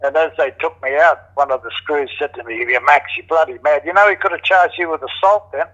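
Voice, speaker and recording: A man's voice: a little high, a little fast, a bit bright, dull audio. An older Australian man in a casual interview, telling stories bluntly, swearing freely and acting out what others said. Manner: blunt, swears freely, acts out quoted voices. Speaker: interviewee, former criminal. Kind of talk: casual storytelling.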